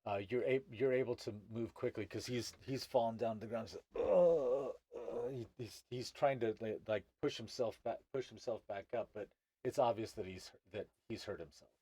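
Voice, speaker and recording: A man running a tabletop game as game master, narrating in a halting way with many restarts. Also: lowish voice, a little mellow, breathy edge, no room sound.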